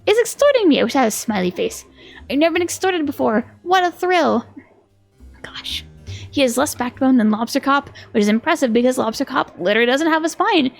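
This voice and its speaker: A woman's voice: sits high, expressive, quick pace, vocal fry, faint music behind. A woman streaming a video game live, chatting casually with a giggly, playful manner.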